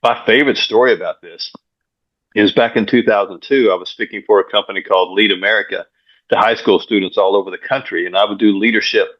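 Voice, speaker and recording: A man, a pastor and coach, guesting on an interview show and telling stories in an energetic way, often repeating words as he goes. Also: lowish voice, fast talker. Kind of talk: casual interview storytelling. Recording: dull lo-fi sound.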